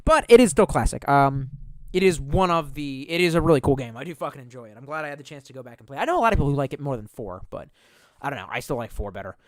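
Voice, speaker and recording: A man's voice: medium pitch, lively intonation, quick pace, no echo. A man casually chatting on a livestream and answering chat, cursing often and rambling, sometimes trailing off into a mumble. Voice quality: profane, rambling speech.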